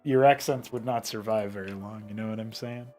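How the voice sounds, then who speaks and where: Casual male game master, relaxed and joking, theme music faint underneath. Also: lowish voice, brisk. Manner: laid-back, joking, laughs often. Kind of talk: casual tabletop game chat.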